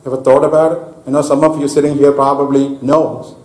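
A man preaching a sermon to a congregation, slow and deliberate, stopping to ask his listeners questions. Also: medium pitch, flat delivery, darkish tone. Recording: echoey hall.

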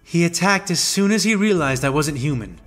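A man's voice: fairly high pitch, expressive, a little fast, fairly bright tone, faint music behind. A man voicing a young female alien warrior who is firm, commanding and dryly witty.

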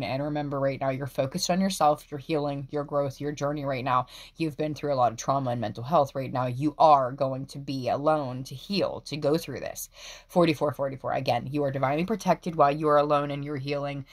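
A woman doing a casual tarot reading, talking bluntly, swearing freely and repeating phrases for emphasis. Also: sits low. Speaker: tarot reader.

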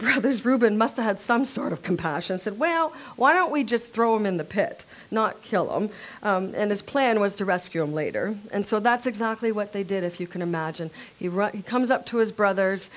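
Woman telling a Bible story to an audience. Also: mid-range voice. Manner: animated storytelling, asks the audience questions. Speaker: women's workshop speaker. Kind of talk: Bible teaching to a live audience.

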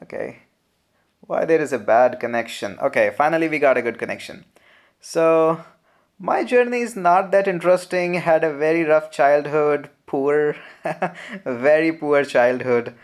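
A young man with an Indian English accent answering viewer questions in a relaxed, chatty live Q&A, full of "uh" fillers. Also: fairly high pitch, measured pace. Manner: relaxed, chatty, frequent "uh" fillers, laughs often. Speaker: programming channel host. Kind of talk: live Q&A, reading viewer comments.

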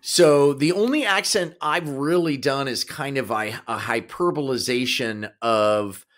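A man's voice: mid-range voice, fairly bright tone. A man in his fifties with a Kansas accent, co-hosting a casual podcast chat and often restarting his sentences. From Kansas, USA. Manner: halting, trailing off and restarting mid-thought. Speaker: podcast co-host, actor.

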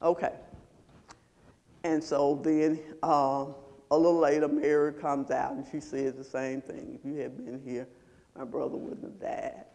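A male pastor preaching a sermon, pausing to quiz his congregation in call-and-response. His voice sits high and he takes his time. The sound carries the long reverb of a church hall. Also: level tone, gravelly, darkish tone.

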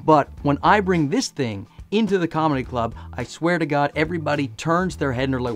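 A man with a hoarse voice from laryngitis, chatting in a joking, self-mocking way as he reviews camera gear for his vlog. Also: on the high side, lively intonation, fairly quick, few pauses, faint music behind.

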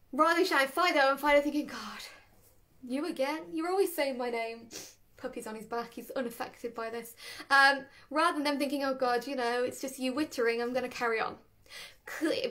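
A woman, a dog trainer, explaining dog training in a chatty, animated way and laughing between points. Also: sits high. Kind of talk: casual instructional talk.

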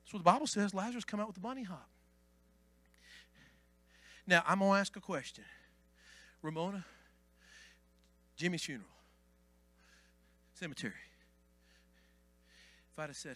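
Pentecostal preacher guy, real high sharp voice, goes quiet then hollers, faint music behind. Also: animated, normal speed, pauses often, no room sound. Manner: preaching, swings from hushed to shouting. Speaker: pastor. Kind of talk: Pentecostal sermon.

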